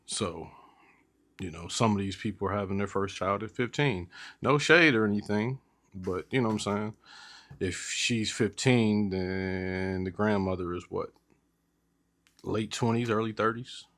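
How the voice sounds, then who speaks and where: A man's voice: lowish voice, a little slow, fairly bright tone. A man co-hosting a podcast in a laid-back casual chat, often using filler phrases. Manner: laid-back, uses frequent verbal fillers. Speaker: podcast co-host.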